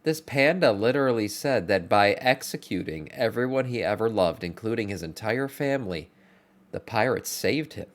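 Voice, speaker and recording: A man with a fairly low voice chats his way through a reaction video. His talk is loose and blunt, with casual swearing. He thinks out loud as he watches. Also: animated, normal speed.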